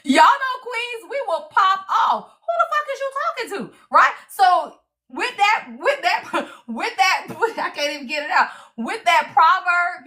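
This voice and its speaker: Bright, high-voiced woman tarot reader. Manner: animated, salty, cusses freely, keeps saying y'all. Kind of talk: livestream tarot reading.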